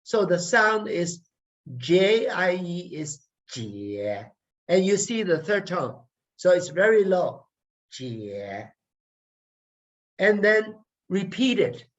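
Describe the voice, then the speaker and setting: A man teaching a language workshop online, deliberately drilling each sound and repeating words for learners. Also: sits high, lively intonation. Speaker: language lecturer. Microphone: video call. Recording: muffled video call audio.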